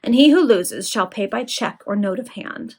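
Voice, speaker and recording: A woman reading the part of an ironic young gentleman who talks in a smooth, quietly mocking way. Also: medium pitch, lively intonation, normal speed. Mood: polite irony.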